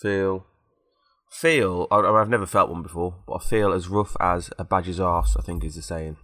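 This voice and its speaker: A man's voice: low voice, steady tone, normal speed, fairly bright tone, dry recording, studio quality. A man with a cold, hosting a podcast in rambling, jokey casual chat. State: has a cold. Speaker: podcast host.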